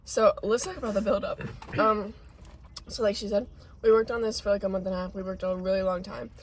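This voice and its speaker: A teenage girl explains things at length in a hesitant way, filling her talk with ums and likes. Her voice is middle-pitched, over a faint background noise. It sounds like a loose chat between friends. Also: fairly even intonation, a little fast. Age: teens. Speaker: podcast co-host. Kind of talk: casual chat.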